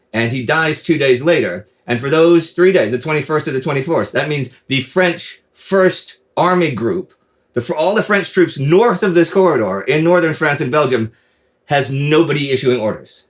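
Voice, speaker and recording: A male host casually recounting history in an animated, storytelling manner, full of asides and restarts. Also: fairly high pitch, moderate pace.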